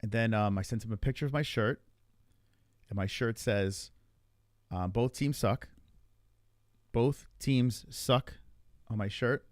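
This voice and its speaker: Speaking at a normal speed with frequent pauses, this podcast host has a fairly low voice. He rambles through animated stories in a casual chat, cursing freely as he goes. The studio-quality recording has no echo.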